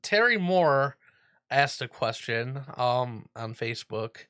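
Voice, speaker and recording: A man hosting a casual interview show, relaxed and easygoing, paraphrasing his guest. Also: medium pitch, slow, clean tone. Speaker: host.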